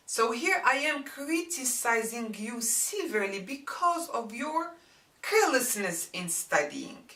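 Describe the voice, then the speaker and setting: A woman's voice: fairly high pitch, sing-song, unhurried, pushed and bright, recorded from a distance. A woman teaching a grammar lesson, explaining example sentences carefully step by step. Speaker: Arabic teacher. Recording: roomy sound from off-mic.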